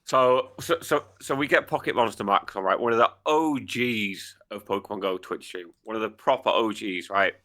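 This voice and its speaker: A man's voice: lowish voice, moderate pace, few pauses. A young man co-hosting a podcast, telling stories animatedly with plenty of swearing. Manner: animated storytelling, frequent agreement and swearing. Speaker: podcast co-host. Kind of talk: casual chat.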